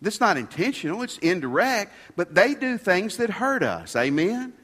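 Folksy preacher in a reverberant hall. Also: male voice, high-pitched, very animated, normal speed, fairly bright tone. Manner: folksy, conversational preaching with rhetorical questions. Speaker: pastor. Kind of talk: sermon. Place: church sanctuary.

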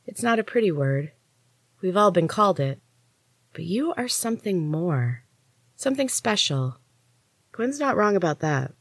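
A woman voicing a stern young female warrior healer who speaks in a cold, clipped, commanding way, set noticeably higher than her own reading voice. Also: very animated, measured pace, pauses often, dry recording, full character voice. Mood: grudging.

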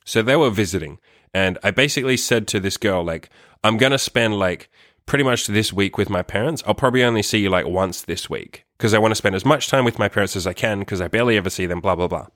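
Young guy rambling thru a storytime, lots of swearing and "like", lowish voice, dry close mic. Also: fast, fairly bright tone, dry recording. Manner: rambling, profane, heavy use of "like". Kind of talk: casual storytime monologue. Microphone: microphone.

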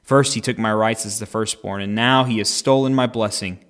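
A man's voice: lowish voice, fairly even intonation, moderate pace, a bit bright, lightly acted. A man reading the lines of a grown son begging his father, in a raised, pleading voice.

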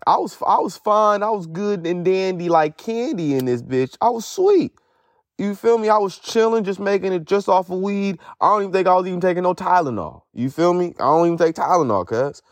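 Profane rambling young man, slightly high voice. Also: no echo, clean studio sound. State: in pain from a foot injury. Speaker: podcast host. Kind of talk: casual podcast monologue. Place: sitting outdoors at home.

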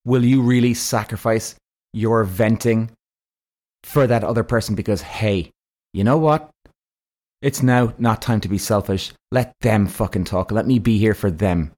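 A man, possibly, hosting his own podcast as a casual monologue, speaking bluntly with plenty of swearing and animated emphasis. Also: lowish voice, a little slow. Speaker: podcast host.

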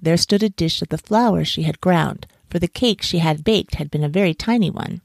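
A woman reads a children's folk tale aloud in a measured, expressive way. Her voice is low and gravelly. It is recorded close and dry, with no room sound. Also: dry recording. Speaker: storyteller. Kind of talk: storybook narration.

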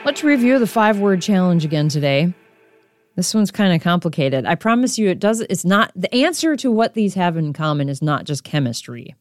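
A woman's voice: on the low side, sing-song, moderate pace, no echo, faint music behind. A woman hosting a casual quiz podcast, chatting straight to the listener. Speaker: podcast host.

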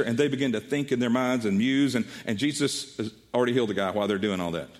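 A middle-aged man preaches as a pastor, retelling a story from the pulpit. He talks in an animated way and slips into the voices of the people he quotes. His delivery keeps the pace of spoken storytelling. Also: mid-range voice, quick pace. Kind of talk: sermon.

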